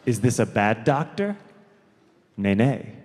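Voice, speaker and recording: Slow and mid-range, this man's voice swings widely in pitch as he does stand-up storytelling on a theater stage. The performance wanders with self-correcting asides and abrupt emphatic outbursts, and the live recording carries long reverb and faint noise.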